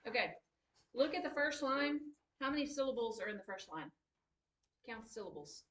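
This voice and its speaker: A woman teaches a writing class in a classroom, lively and brisk as she reads lines aloud and counts out the beats. She sounds far from the mic, with the room ringing around her and a faint hiss underneath. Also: fairly high pitch. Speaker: high school writing teacher. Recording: echoey classroom from a distant mic.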